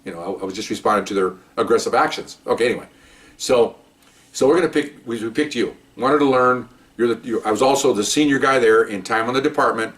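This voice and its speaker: A man's voice: medium pitch, quick pace, fairly bright tone, distant mic. An older man, a retired police officer, telling stories casually, chatty and joking, with frequent "okay?" asides. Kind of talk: casual first-person storytelling.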